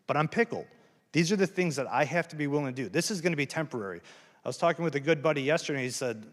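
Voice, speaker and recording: A man giving a candid, earnest talk about recovery to an audience, self-deprecating and plain-spoken. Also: medium pitch. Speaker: recovery speaker at a campus event. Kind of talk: personal testimony talk. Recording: hall reverb.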